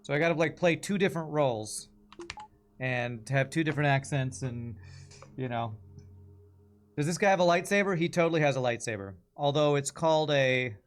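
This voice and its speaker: A man's voice: fairly high pitch, normal speed. A man streaming a video game, chatting with viewers in a rambling, self-mocking way. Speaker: streamer and gamer. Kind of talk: casual chat while playing a game.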